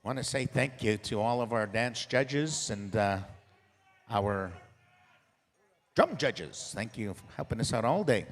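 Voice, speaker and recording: A man's voice: medium pitch, lively intonation, unhurried, pauses often. Hyped male powwow emcee, echoey arena. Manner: hyped, rallying crowd calls and jokes. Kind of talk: live event announcing. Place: large indoor powwow arena.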